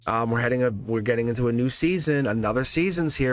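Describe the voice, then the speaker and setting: A man's voice: medium pitch, brisk, few pauses, slight background noise. A man hosting a live tarot reading stream, talking casually to viewers in a chatty, upbeat way, often laughing and restarting his sentences.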